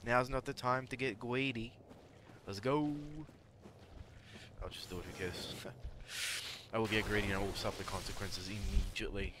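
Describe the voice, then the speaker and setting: A man's voice: on the low side, steady tone, normal speed, long pauses, a bit bright, a little hiss or hum. A man streaming a game live, chatty and jokey, talking to his chat and taunting enemies. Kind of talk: live gameplay commentary.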